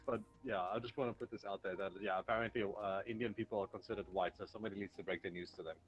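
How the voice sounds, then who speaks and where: A man's voice: fairly low pitch, steady tone, racing, muffled recording. A man from South Africa trading dry, wry remarks in casual chat on a stream.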